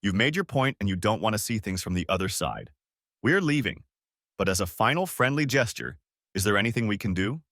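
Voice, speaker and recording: Guy doing a calm placating buddy, tries to smooth things over, lively ups and downs, dry close sound. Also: lowish voice, brisk, no room sound. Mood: resigned. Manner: soothing, reasoning. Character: conciliatory male friend, mild and placating.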